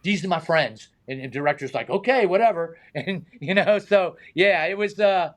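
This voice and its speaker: A middle-aged man, a stunt man telling animated anecdotes in a casual interview, acting out the voices of the people in them and laughing often. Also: a little high, normal speed. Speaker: stunt man and high diver, guest.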